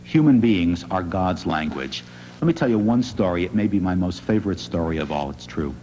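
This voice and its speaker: A man, a rabbi, giving an inspirational public talk in an earnest, gently wry storytelling manner. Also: deep voice, expressive, brisk, a little hiss or hum. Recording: dull lo-fi recording in a reverberant hall.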